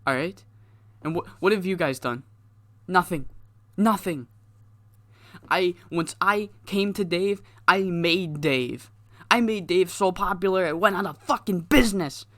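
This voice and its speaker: Guy doing a loud cocky wrestler ranting and swearing, voice way up high. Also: a little slow, dry recording. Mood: furious. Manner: ranting, profane, boastful shouting. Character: brash male wrestler cutting an angry promo. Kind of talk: acted quote in game commentary.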